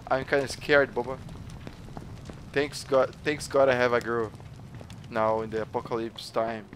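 A man from Brazil with a Brazilian accent, a gamer joking his way through gameplay commentary with playful teasing and sudden excited yelps. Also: medium pitch, unhurried, a little hiss or hum. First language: Portuguese. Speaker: gamer hosting a let's play channel.

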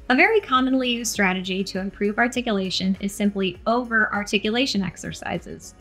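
A woman who is a speech-language pathologist, giving clear, scripted teaching narration and slowing down to demonstrate examples. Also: a bit bright. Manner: clear, deliberate, slows to demonstrate stress and pitch examples.

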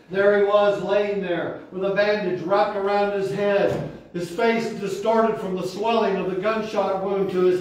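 Fervent older pastor in echoey hall. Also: male voice, high-pitched, a little mellow. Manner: fervent, emotional storytelling with call-and-response. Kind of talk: testimony sermon. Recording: echoey hall from far off, faint noise.

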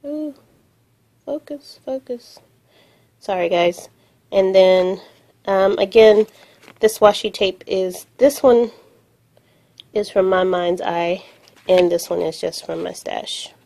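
A woman's voice: lowish voice, fairly even intonation, slow, creaky, long pauses, darkish tone. A woman filming her craft projects on her phone, talking through each piece casually and thinking aloud with many fillers. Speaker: crafting vlogger. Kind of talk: casual show-and-tell narration. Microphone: phone camera.

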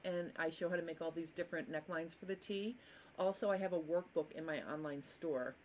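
A woman's voice: lowish voice, brisk, a little mellow, a little hiss or hum. Chatty woman with hiccups. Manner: chatty, apologetic, greets viewers by name. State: has hiccups. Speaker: sewing teacher and live stream host. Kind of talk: casual live-stream sewing lesson.

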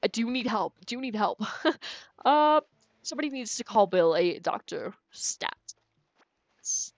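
A woman's voice: a little high, expressive, normal speed, no echo. A young woman streaming a video game, chatting casually and giggling while she plays and talks to her chat. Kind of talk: casual gameplay commentary. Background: faint game music.

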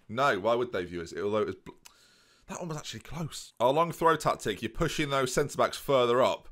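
A man's voice: medium pitch, fairly bright tone. A man giving playful, joking let's play commentary on a football management game and talking to his viewers. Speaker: gaming commentator.

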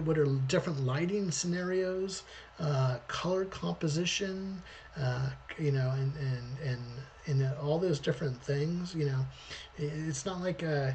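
A man's voice: fairly high pitch, darkish tone, a little hiss or hum. A man, a storyboard artist, giving a rambling, conversational livestream talk.

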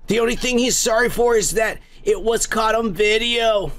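Speaking at normal speed in a high, fairly bright voice, a comedy podcast host reads viewer comments aloud, rambling crudely with plenty of profanity and mocking asides.

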